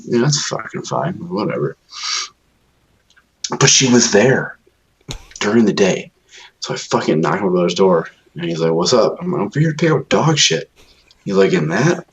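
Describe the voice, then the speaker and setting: A man's voice: low voice, very animated, a little fast, vocal fry, dull audio. A man co-hosting a podcast, telling long profane stories in casual chat and acting out what others said. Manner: profane rambling storytelling, acts out quoted voices. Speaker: podcast co-host.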